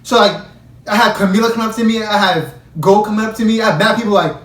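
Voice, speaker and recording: A man's voice: high-pitched, steady tone, fast talker. A young man telling a casual story about his past, rambling and slangy, packed with "like". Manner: rambling, heavy use of "like", slangy. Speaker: storyteller vlogger. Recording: echoey room, mic at a distance.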